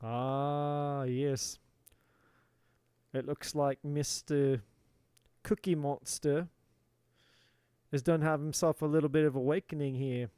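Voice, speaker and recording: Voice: mid-range voice, fairly even intonation, a little slow, pauses often, warm tone, dry recording, studio quality. A tarot reader giving a live reading in a playful put-on British accent, swearing and exasperated in a theatrical way.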